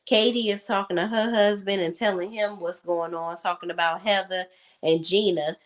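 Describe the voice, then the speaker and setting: Animated slangy woman recapping reality TV. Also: mid-range voice. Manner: animated, slangy, acts out cast members' lines in quick voices. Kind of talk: casual recap talk.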